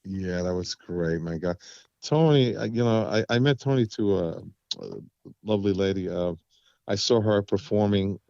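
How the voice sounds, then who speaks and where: A man's voice: normal speed, gravelly, dry recording, highs cut off. A man guest on an interview show, chatting casually and telling stories with vivid voiced quotes. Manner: animated storyteller, acts out quotes with big pitch jumps. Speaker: guest vocalist.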